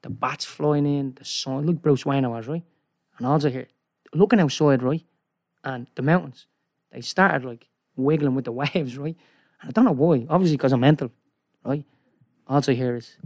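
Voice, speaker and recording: A man telling a long, rambling story in casual chat, excitable and peppering his talk with "right?". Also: mid-range voice, normal speed. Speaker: guest.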